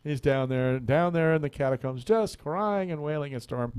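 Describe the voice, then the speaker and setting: A man's voice: on the high side, normal speed, darkish tone, clear, resonant tone. A man hosting a radio talk show, chatting casually and telling a rambling joke, laughing often and repeating words as he goes. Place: radio studio.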